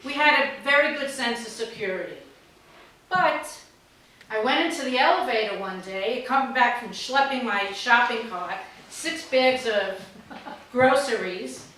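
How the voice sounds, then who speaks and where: A woman in her sixties from New York, telling stand-up stories in a blunt, deadpan way and swearing freely. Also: fairly high pitch. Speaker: stand-up comedian. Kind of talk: stand-up storytelling. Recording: very echoey hall, distant mic, faint noise.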